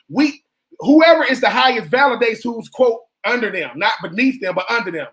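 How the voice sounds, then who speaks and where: Guy with a really high voice on sports radio, ex-player, hammering his point home over and over. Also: expressive, fast, pushed and bright. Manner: emphatic and preachy, repeats points for effect. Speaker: sports radio co-host, former college football player.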